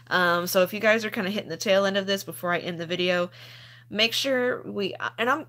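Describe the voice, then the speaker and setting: A woman's voice: medium pitch, fairly bright tone. A woman hosting a casual live stream, chatting and laughing as she reads out viewer comments and explains things step by step. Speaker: couponing channel host.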